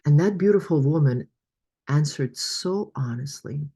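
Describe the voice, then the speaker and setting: A woman with a notably low voice leads a workshop over a video call. She talks in an encouraging, storytelling way and uses plenty of fillers as she goes. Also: animated, measured pace, dark tone, husky. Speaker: money coach. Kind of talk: online workshop presentation.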